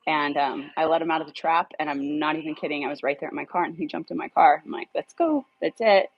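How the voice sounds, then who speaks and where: A woman casually telling a dog rescue story, animated, swearing now and then and acting out her own lines. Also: quick pace, lo-fi sound. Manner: animated, acts out her own dialogue in a higher voice; swears casually when irritated.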